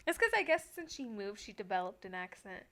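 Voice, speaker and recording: Bright-voiced giggly young woman. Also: mid-range voice, very animated, brisk. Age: young adult. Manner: giggly, chatty, teasing. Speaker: podcast co-host. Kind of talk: casual chat.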